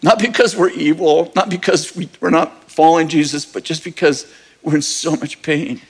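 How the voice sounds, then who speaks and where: With a fairly high-pitched, breathy-edged voice at normal speed, a man preaching as pastor relates a personal story. The sermon storytelling is casual and candid, punctuated by occasional bursts of laughter.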